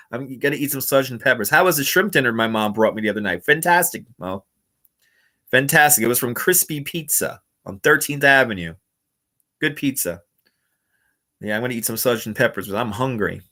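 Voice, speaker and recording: Bright-voiced New man chatting live. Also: mid-range voice. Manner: chatty and playful, laughs often. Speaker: livestreamer. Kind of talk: casual live chat reading comments. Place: indoors at home. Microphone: wireless clip-on mic.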